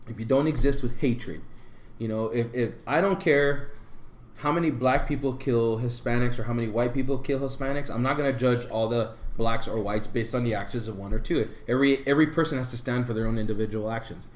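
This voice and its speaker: A man telling stories in casual podcast chat, animated and acting out the people he quotes. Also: medium pitch, fairly quick. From Puerto Rico. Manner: animated storyteller, acts out quoted people loudly. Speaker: podcast co-host. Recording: echoey room.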